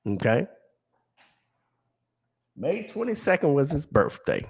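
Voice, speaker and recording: Slow, emphatic man hosting a live stream. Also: mid-range voice, expressive. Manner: emphatic, asks and answers his own questions. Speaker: lottery stream host. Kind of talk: live-stream screen walkthrough.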